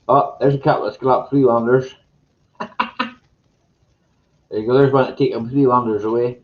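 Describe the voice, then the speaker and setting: A man hosting a casual live chat, greeting viewers by name in a slow, meandering way and chuckling to himself. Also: mid-range voice, steady tone, lo-fi sound. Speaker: live stream host. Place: home room with green screen.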